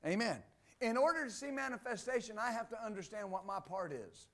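A man preaches a sermon in a high, bright register. He reads passages of scripture aloud, then breaks them down with emphatic repetition. He returns again and again to the same short phrases to drive his points home. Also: lively intonation, a little fast. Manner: emphatic, repeats "Amen" and "believe that". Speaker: pastor.

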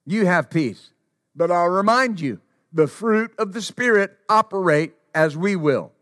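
A notably high-voiced male preacher speaks slowly and deliberately, his slightly bright tone carrying lively intonation. He emphasizes his message by repeating short phrases. The audio is dry, with no echo from the room.

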